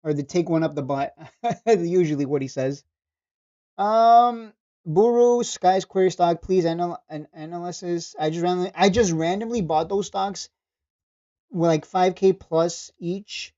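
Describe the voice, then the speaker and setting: A man with a darkish, mellow tone chats loosely through a trading livestream. He is blunt and swears freely, laughing and stumbling over repeated words as he reads chat. The sound is dull and lo-fi. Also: high voice, unhurried. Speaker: stock trading streamer. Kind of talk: casual livestream commentary reading chat.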